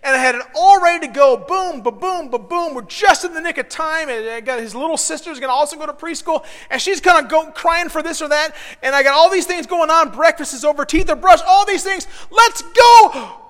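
High-voiced, animated preaching man. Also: brisk, few pauses. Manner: animated, self-deprecating storyteller who builds to shouts. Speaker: pastor. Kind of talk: sermon with personal storytelling. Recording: long reverb of a large hall.

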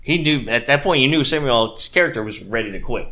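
A man co-hosting a casual podcast, rambling through retellings of movie scenes and often clearing his throat. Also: mid-range voice, lively intonation, fairly quick, sharp tone. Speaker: podcast co-host. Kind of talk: casual film chat.

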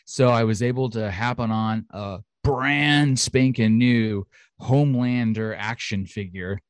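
A man co-hosting a podcast in casual chat, chatty, excitable and jokey. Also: medium pitch, a little slow, smooth, no echo, clean studio sound. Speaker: podcast co-host.

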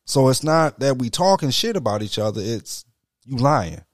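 A man's voice: mid-range voice, lively intonation, normal speed, dry recording, clean studio sound. A middle-aged man in casual, profane chat, telling stories animatedly and slipping into quoted voices.

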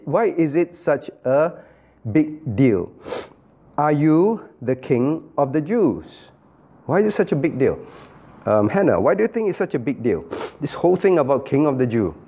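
A man's voice: fairly high pitch, dark tone, breathy edge, muffled recording. A man, a pastor, leading an interactive Bible study, calling on listeners by name, repeating phrases and acting out quoted dialogue.

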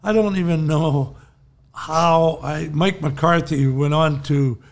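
A man's voice: on the high side, takes it slowly. An older man, a podcast co-host, telling long rambling anecdotes in casual chat and chuckling often.

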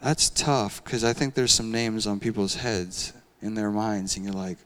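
Animated conversational young male preacher. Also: on the low side, a little slow, clean tone. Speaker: pastor. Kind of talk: sermon.

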